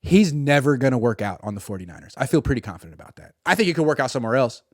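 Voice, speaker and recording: Animated sarcastic male sports commentator. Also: medium pitch, very fast, no echo, studio quality. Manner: animated and sarcastic, acts out imagined dialogue.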